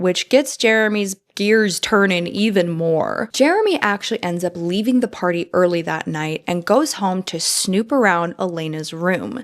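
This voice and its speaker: Female recap host with a mid-range voice, chatty and sarcastic, quick to laugh. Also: medium pitch. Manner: sarcastic, animated, laughs often. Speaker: TV recap vlogger. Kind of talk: casual recap chat.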